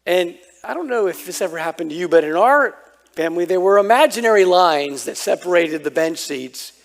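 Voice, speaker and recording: Male pastor, fairly high voice, lively storytelling sermon with acted-out quotes. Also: brisk, vocal fry. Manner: storytelling, animated, acts out childhood quotes.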